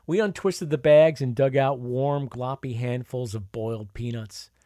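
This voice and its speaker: A man's voice: mid-range voice, darkish tone, dry recording. Man, memoir narration, wry and conversational, dry close-mic sound. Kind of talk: memoir reading.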